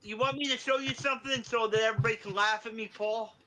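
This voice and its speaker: A man with a high, bright voice joins podcast banter. He teases the others and jokes at his own expense, his tone sharp and forward. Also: steady tone, fast talker, rough recording. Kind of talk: joking banter.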